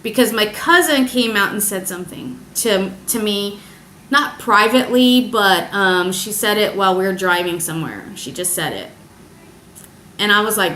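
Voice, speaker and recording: A young woman telling a personal story in a confessional vlog, halting and hesitant, emotional as she searches for words. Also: a little high, lively intonation, sharp tone, slight background noise. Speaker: vlogger. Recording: echoey room.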